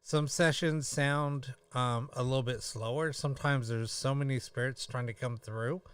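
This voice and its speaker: Tired, halting man, slightly off-mic. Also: mid-range voice, fairly even intonation, fairly bright tone, smooth, no echo, recorded from a distance. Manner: halting, many pauses and fillers. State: tired, yawning. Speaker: live stream host. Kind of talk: casual live-stream chat.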